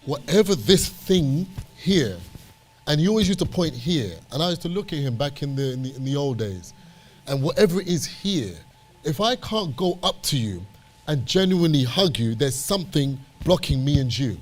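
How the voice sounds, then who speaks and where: A man's voice: fairly high pitch, big pitch swings, normal speed. A British man serving as a church elder, preaching with passion and repeating phrases for emphasis. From Britain.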